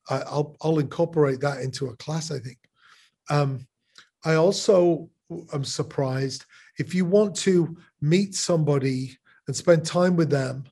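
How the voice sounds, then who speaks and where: A man's voice: fairly high pitch, warm tone, husky. A middle-aged man and musician speaking as a podcast guest over a video call, reflective, often restarting and repeating words. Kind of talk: casual conversational interview.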